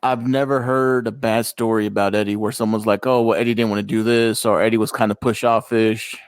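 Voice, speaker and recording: A man's voice: on the low side, a little fast, clear, resonant tone, no echo. Dry-sounding man telling a story. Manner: storytelling, animated when quoting others. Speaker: podcast co-host. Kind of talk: casual podcast chat.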